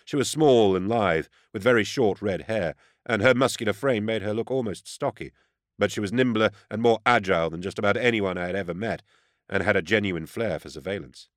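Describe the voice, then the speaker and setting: A man reads a first-person audiobook in a steady, even manner. His voice sits low, and the recording is dry and close with no room sound. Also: fairly quick, no echo. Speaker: audiobook narrator.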